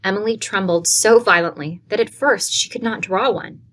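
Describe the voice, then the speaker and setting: A woman reading a classic novel aloud, with steady, clear storytelling. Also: mid-range voice, normal speed. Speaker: audiobook reader.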